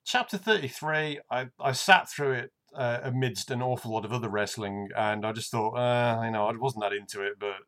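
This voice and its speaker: A man co-hosting a casual show, talking in a relaxed, hesitant way with many fillers and casual swearing. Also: mid-range voice, normal speed, hardly any pauses. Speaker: podcast co-host. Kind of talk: casual wrestling review chat.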